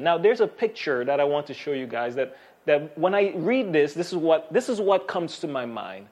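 A man's voice: fairly high pitch, big pitch swings, moderate pace, darkish tone. A man preaching a Bible sermon in a conversational way, with frequent restarts and fillers. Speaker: pastor.

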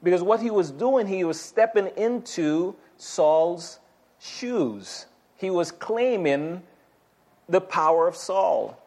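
A man preaching a Bible teaching in a relaxed, conversational way, with asides and frequent repeated words. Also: sits high, slow. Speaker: pastor. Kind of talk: sermon teaching.

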